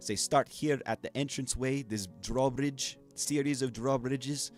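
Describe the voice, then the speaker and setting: A man's voice: mid-range voice, fairly even intonation, measured pace, soft background music, voice pushed up, close to an everyday voice. A man playing a blustering fascist dwarven dictator in a put-on Russian accent, dropping his articles while he boasts and threatens over a game. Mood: boastful. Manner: drops articles, boastful and menacing. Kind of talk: in-character game commentary.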